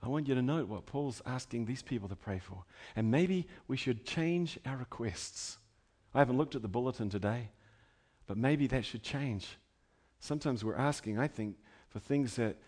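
Speaking at medium pitch, a middle-aged male pastor delivers a sermon that climbs to emphatic declarations and falls back to quiet, chatty asides. He frequently restarts phrases, repeating himself as he goes.

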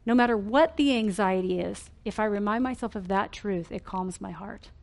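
A woman teaching a sermon in an earnest, emphatic way, asking questions and slowing down on key phrases. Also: mid-range voice, gravelly.

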